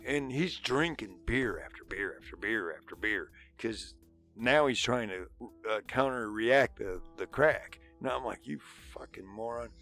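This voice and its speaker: A man's voice: on the low side, expressive, measured pace, pushed and bright, faint music behind. A middle-aged man, a father and podcast co-host, telling a long, profane anecdote in casual chat and acting out the dialogue. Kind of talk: casual storytelling.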